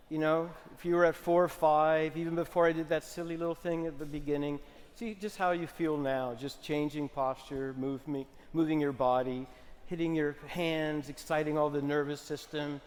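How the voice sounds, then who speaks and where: Male expo speaker, coaxing relaxation lead-in, slightly high voice, big reverberant hall. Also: flat delivery, normal speed. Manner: soft coaxing instructions, rising to loud cheering. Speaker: conference speaker. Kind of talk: guided relaxation and lecture. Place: large conference hall.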